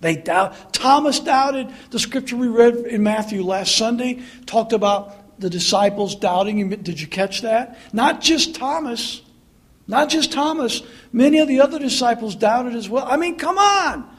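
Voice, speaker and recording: A male pastor delivering a sermon in an earnest, conversational way. His voice is husky and sits high for a man. He slips into wry, mocking asides. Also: expressive, measured pace.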